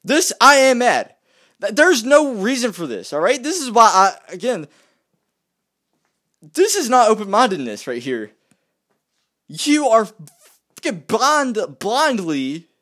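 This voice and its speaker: Ranting vlogger: a man with a high, swooping voice, exasperated and repetitive. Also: big pitch swings, unhurried, pauses often, a bit bright. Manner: exasperated, repeats himself, stumbles and restarts. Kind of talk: heated ranting monologue.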